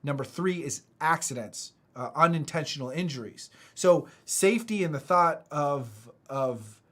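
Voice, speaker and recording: Earnest halting American man speaker. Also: on the high side, lively intonation, bright, forceful tone. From United States. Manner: halting, many restarts, earnest. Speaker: motivational speaker. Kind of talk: casual online talk.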